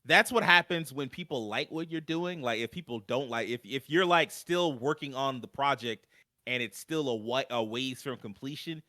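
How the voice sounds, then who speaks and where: Bright-voiced man on a gaming podcast. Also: medium pitch, normal speed, no room sound, studio quality. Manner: relaxed, rambling, wry. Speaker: podcast co-host. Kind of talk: casual chat.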